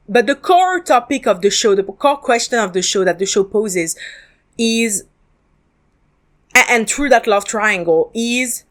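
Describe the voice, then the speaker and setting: A woman's voice: medium pitch, fairly bright tone. A woman hosting a solo podcast, reviewing a drama in a candid, chatty way with frequent ums and restarts.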